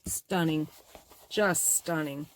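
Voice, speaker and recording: Speaking slowly in a deep voice, a middle-aged woman runs a casual show-and-tell on her bag-making channel. She's rambling, effusive and full of exclamations as she displays her materials.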